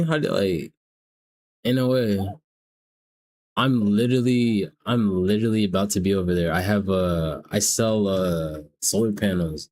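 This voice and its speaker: A man's voice: lowish voice, a little slow, a little mellow. A young man from the South, hosting a live stream and teasing strangers in casual, profane chat. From American South. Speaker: livestream host.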